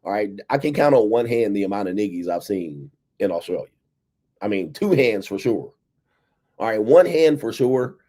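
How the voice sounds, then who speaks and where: A man's voice: on the low side, expressive, normal speed, mellow. An American man hosting a casual livestream monologue, padding his talk with frequent "all right" and small chuckles. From United States. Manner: repeats "all right" between phrases, chuckles. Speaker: livestream host. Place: abroad, indoors.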